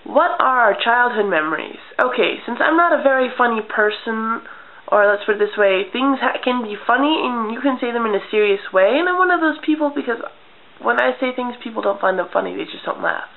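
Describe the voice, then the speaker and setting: A young woman vlogger telling childhood stories in a casual, deadpan way, acting out little scenes. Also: on the high side, a little fast. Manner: chatty, deadpan humor, acts out childhood scenes. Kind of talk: casual storytelling vlog. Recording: tinny lo-fi webcam audio.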